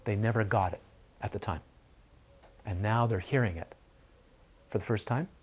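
Teaching meditation in a dharma talk, this man speaks at a moderate pace in a lowish, darkish, slightly rough voice. His delivery is emphatic and repetitive, and he lowers to a whisper for quotes.

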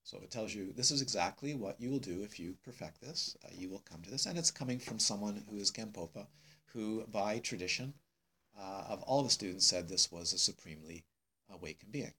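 A male meditation teacher giving a dharma talk to students, emphatic and unhurried, repeating phrases with many pauses. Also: lowish voice, lively intonation, pushed and bright, slightly rough. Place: meditation hall.

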